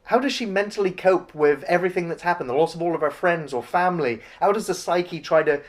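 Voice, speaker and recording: A man's voice: sits high, quick pace. Man, podcast co-host, casual film review chat, chatty, mocking. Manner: chatty, mocks characters in put-on voices.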